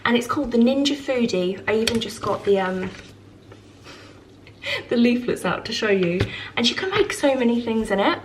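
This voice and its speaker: A woman's voice: a little high, lively intonation, normal speed, pauses often, a little hiss or hum. A young woman chatting casually to camera about her home and family, full of fillers and gushing asides. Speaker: lifestyle vlogger. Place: home with farm animals nearby.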